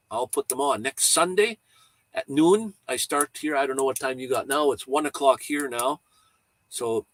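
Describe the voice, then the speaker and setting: A man's voice: medium pitch, fairly bright tone, no echo. A man hosting a casual livestream, rambling easygoing chat while showing photos, chuckling now and then. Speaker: livestream host.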